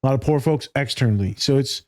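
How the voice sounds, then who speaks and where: A man's voice: mid-range voice, fast, darkish tone. A man hosting a casual podcast chat, talking about his clients bluntly and profanely with plenty of laughter. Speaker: podcast host, therapist.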